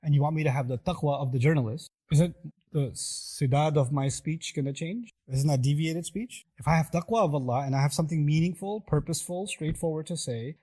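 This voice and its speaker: A man's voice: on the high side, warm tone. Middle-aged man preaching a sermon. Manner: acts out quoted voices, rhetorical questions to the audience.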